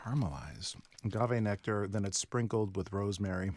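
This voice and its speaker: A radio host with a lowish, darkish voice speaks briskly and expressively during a live interview set in a restaurant. He's enthusiastic, tasting dishes as he talks.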